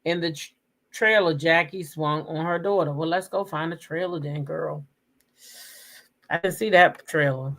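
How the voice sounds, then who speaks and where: A woman with a low voice hosts a relaxed gossip talk. She rambles in a chatty way, humming and filling pauses as she goes. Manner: chatty, drawn-out humming and fillers. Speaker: host. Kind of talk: casual gossip commentary.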